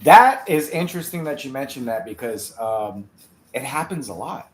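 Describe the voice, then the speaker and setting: A man's voice: medium pitch, very animated. Hesitant man in echoey room. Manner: halting, many restarts. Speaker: guest magician. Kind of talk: casual live-stream interview. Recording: echoey room, faint background noise.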